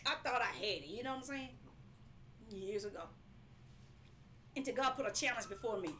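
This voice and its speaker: A woman's voice: on the high side, moderate pace, bright, forceful tone, slight background noise. A woman preaching a live-streamed sermon, emphatic and repetitive, sometimes breaking into laughing cries.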